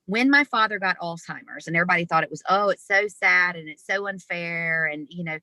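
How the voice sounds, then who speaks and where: A woman being interviewed over a video call, telling a personal story in a lively, expressive way. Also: lowish voice, fairly quick, no echo. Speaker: interview guest. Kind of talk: storytelling in conversation.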